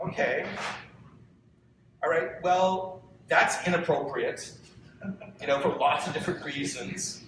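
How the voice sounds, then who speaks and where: A man's voice: fairly high pitch, takes it slowly, long pauses, a bit bright, slight background noise. A middle-aged man giving an earnest, conversational talk to students and putting questions to his audience. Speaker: guest lecturer. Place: lecture room. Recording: very echoey hall, voice from far off.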